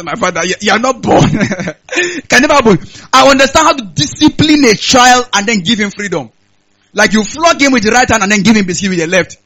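Nigerian male pastor, high bright voice, works the crowd with repeated questions. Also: rough recording. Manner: call-and-response preaching, repeating lines and asking the audience. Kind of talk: sermon. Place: church hall, on stage.

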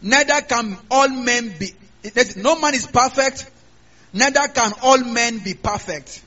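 A man's voice: very high voice, a little slow, pushed and bright. A man preaching a sermon, emphatic and calling out to the congregation to answer him. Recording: dull, lo-fi recording.

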